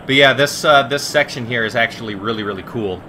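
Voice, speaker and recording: Man, casual gamer commentary, bright and forceful tone, cussing and cracking jokes, faint room hiss. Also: mid-range voice, fairly quick. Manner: profane, joking, animated outbursts. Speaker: let's play commentator. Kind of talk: casual game commentary, reading dialogue aloud.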